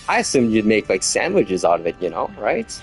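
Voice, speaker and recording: A man's voice: fairly low pitch, brisk, soft background music. A man, casually chatting with viewers and rambling while he plays a game. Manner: relaxed, rambling, chats with viewers while playing. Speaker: game streamer. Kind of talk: casual gameplay commentary.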